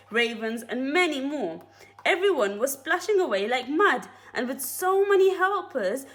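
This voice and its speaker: A woman teacher reads a children's storybook aloud to her class. Her voice is high and very animated, rising and falling with the action. The telling is expressive and engaging.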